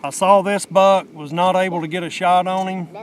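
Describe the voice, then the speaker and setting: A middle-aged man talking outdoors in a hunting vlog, telling a story in a plain-spoken, excited way. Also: high-pitched, normal speed, a crowd in the background. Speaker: hunter. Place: outdoors in the woods.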